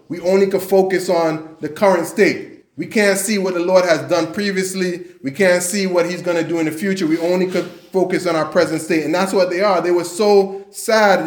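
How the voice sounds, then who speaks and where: A man's voice: high-pitched, echoey room. A man preaching a sermon in an earnest way, often repeating himself and restarting his sentences.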